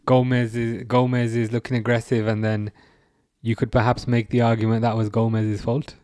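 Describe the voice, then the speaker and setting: Male streamer, casual and self-deprecating, mid-pitched, dry close sound. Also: little pitch movement, normal speed, darkish tone, clean tone, dry recording. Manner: chatty, self-mocking, stammering restarts, frequent laughs. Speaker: livestream host. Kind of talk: casual live match commentary.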